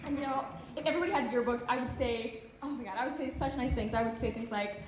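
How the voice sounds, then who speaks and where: A woman's voice: fairly high pitch, quick pace, slight background noise. A nineteen-year-old woman performing a stand-up routine on a theatre stage, with dry, ironic mock outrage. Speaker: stand-up comedian. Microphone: camera in the audience. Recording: echoey theatre, loud audience laughter.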